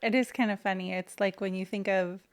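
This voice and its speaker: Brief: mid-pitched female podcast co-host, casual, giggly and chatty. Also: fairly even intonation, a little fast. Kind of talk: casual spiritual podcast chat.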